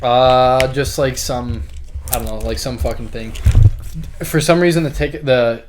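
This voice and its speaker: A man's voice: mid-range voice, fairly even intonation, a little slow, noisy background. A young man co-hosting a podcast, rambling through funny stories, swearing and laughing often. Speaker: podcast co-host. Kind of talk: casual chat.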